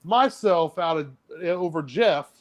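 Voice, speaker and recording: A man's voice: on the high side, lively intonation, slow. A man co-hosting a casual podcast, teasing his friend in an easygoing way. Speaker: podcast co-host. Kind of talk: casual chat.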